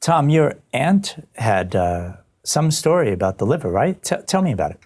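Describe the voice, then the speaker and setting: A man's voice: medium pitch, very animated, normal speed, a little mellow. A man as interview host asking his guest a hesitant question.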